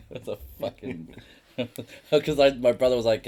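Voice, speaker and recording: A middle-aged New man hosting a casual podcast, his voice sitting fairly low yet bouncing all over the place as he acts out little scenes. He swears freely and throws himself into the quotes. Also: moderate pace. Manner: animated storyteller acting out quotes, swearing. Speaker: podcast host. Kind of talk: casual chat.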